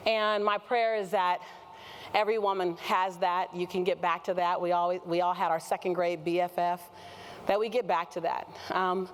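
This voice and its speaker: A woman motivational speaker giving a keynote on stage, using call-and-response with the audience and shouting at the peaks. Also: mid-range voice, slight background noise. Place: conference hall with a live audience.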